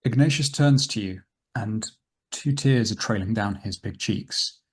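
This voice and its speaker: A man narrating as game master of a tabletop game, describing scenes in a slow, dramatic way. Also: on the low side, husky.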